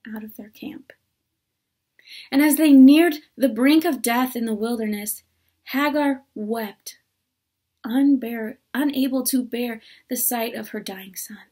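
A woman delivers a sermon at a church service in a high, breathy voice. She takes her time, speaking conversationally and earnestly. Now and then she slips in a playful aside. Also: a little mellow. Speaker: preacher.

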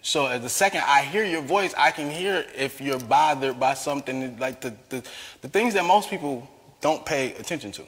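A man giving a personal testimony as a guest, an animated talker who laughs often. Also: medium pitch, moderate pace, big-room sound. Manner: lively, laughs often, calls himself a talker.

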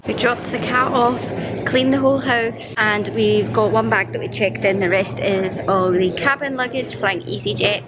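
A young Scottish woman chatting excitedly to camera in a casual travel vlog. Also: medium pitch, moderate pace, noisy background. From Scotland. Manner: chatty and excited, filming herself. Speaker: travel vlogger.

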